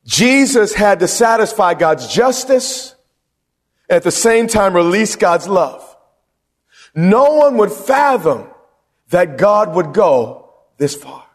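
Man, pastor, sermon, call-and-response questions, bursts of shouting, echoing sanctuary. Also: high voice, expressive, unhurried.

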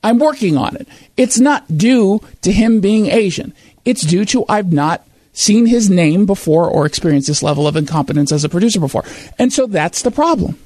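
A man's voice: sits high, animated, moderate pace, darkish tone, no room sound. A man hosting a talk show, reading quotes and reacting with sarcastic, emphatic commentary.

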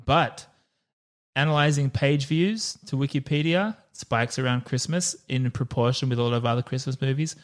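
A man co-hosting a relaxed movie podcast. He talks in quick bursts and laughs often. His voice sits at a middling pitch. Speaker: podcast co-host. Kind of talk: casual movie chat.

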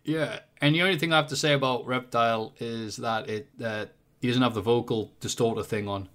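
A man's voice: mid-range voice, brisk. Joking British man. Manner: jokey, animated, slips into silly voices. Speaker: podcast guest. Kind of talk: casual music chat.

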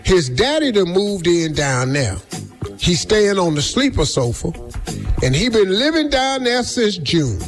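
High, lively male radio host, teasing. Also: measured pace. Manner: bawdy, teasing, exaggerated storytelling. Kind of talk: comic advice chat on morning radio. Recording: radio studio with music bed.

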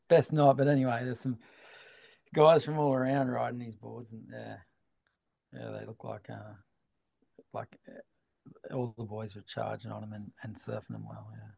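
Australian man, middle-aged, very gravelly voice, laid-back rambling storyteller, casual interview guest. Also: medium pitch, level tone, normal speed, long pauses, a little mellow. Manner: laid-back, rambling, swears and laughs freely. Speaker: guest, big wave surfer.

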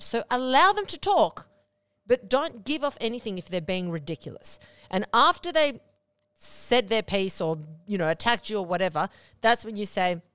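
A woman's voice: mid-range voice, fairly bright tone, clean tone, no echo. A woman hosting a podcast, giving relationship advice in a casual, blunt way, swearing often and checking in with "okay?". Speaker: podcast host.

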